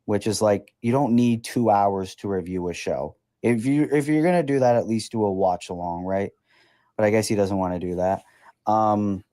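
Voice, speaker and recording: A man's voice: fairly low pitch, dark tone. A man in his twenties hosting a podcast, ranting in a casual, sarcastic, profane way. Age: 20s. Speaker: podcast host.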